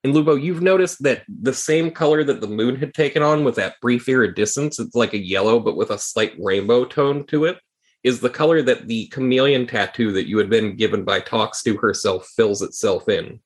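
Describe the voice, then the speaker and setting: A man narrating a tabletop game as game master, describing scenes calmly. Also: medium pitch, moderate pace.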